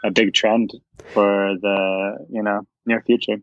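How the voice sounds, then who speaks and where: A man's voice: lowish voice, little pitch movement, takes it slowly, no echo, lo-fi sound. A man chatting casually as a podcast guest, easygoing and laughing along. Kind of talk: casual chat.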